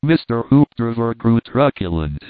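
Male audiobook narrator, steady plain delivery, tinny dry recording. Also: medium pitch, unhurried, dry recording. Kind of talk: scripted narration of a novel. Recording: dry, tinny phone-like sound.

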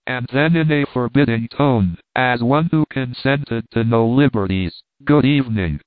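A man reading a classic novel aloud in a measured, wry storytelling manner. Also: mid-range voice, no echo. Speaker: narrator. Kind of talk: audiobook narration of classic fiction. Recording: tinny phone-like dry sound.

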